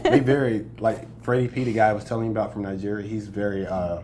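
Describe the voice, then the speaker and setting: A man's voice: lowish voice, steady tone, fast talker, a little mellow, a little hiss or hum. A young American man, a comedian, chatting casually in an interview, boastful and joking, laughing often. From United States. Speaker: comedian guest.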